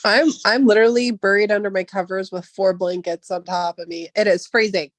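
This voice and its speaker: A woman's voice: medium pitch, steady tone, brisk, dry recording. A woman hosting a livestream, chatting casually on a group voice call in a rambling way with lots of fillers. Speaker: livestream host. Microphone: online voice call.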